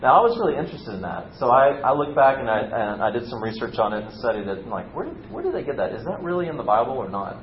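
A male pastor gives a relaxed, conversational sermon, retelling a story and slipping into the characters' lines. His voice sits in a middle register. The recording is roomy and a little dull, with a faint rumble underneath. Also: fast talker, hardly any pauses. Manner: casual, storytelling, acts out quotes lightly.

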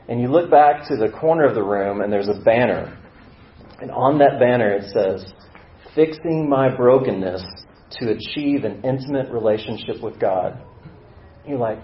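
A man's voice: on the low side, normal speed. A man giving a sermon as a story, acting out the inner voice of a struggling believer and dropping to a murmur for quoted doubts. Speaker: preacher. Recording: roomy, slightly dull sound.

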